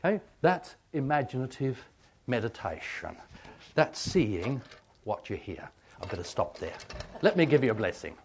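A man preaching a sermon on meditation, halting with many ums and asking rhetorical questions. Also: medium pitch, very animated, breathy edge. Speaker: pastor.

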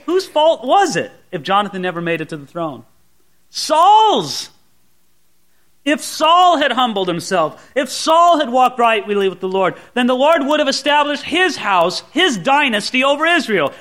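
A male pastor delivers an expository sermon in a high, bright voice. His pitch rises and falls with lively swings as he keeps asking his listeners rhetorical questions. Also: measured pace.

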